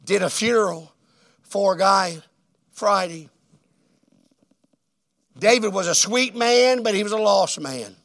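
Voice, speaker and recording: Male preacher, sermon delivery, high and gravelly, with a loud-to-hushed dynamic swing. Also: lively intonation. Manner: swings between loud emphatic declarations and hushed, drawn-out phrases.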